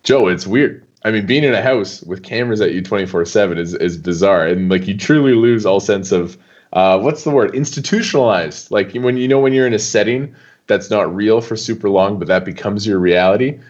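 A young man talks loosely as an interview guest, dropping casual fillers as he goes. His voice sits low. The recording is dull and lo-fi. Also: fairly quick. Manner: animated, loose, full of fillers like "dude" and "like". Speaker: poker player guest.

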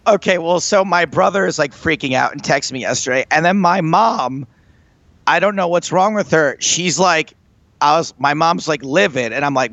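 Casual podcast co-host, male, slightly high voice, rambling storyteller; dull, dry lo-fi sound. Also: moderate pace, gravelly, no room sound. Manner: rambling storyteller, animated retelling. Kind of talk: casual chat.

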